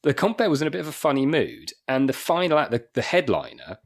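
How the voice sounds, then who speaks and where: Fast-talking rambling man comedian. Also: medium pitch, huge pitch swings. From Wakefield, England. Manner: rambling anecdotal storytelling with restarts and chuckles. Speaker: guest comedian. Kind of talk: casual podcast chat.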